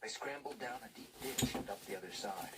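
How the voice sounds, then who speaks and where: A man reading a novel aloud in a hushed, breathy whispered storytelling voice. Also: on the low side, brisk. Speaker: narrator. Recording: distant mic with loud background noise.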